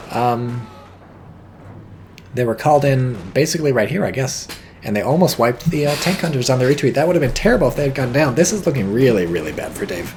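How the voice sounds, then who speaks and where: A man giving casual, rambling game commentary, joking and swearing and getting excited as things happen. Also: mid-range voice, fairly quick, a little hiss or hum. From not British. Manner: rambling, jokey, swears freely, gets excited.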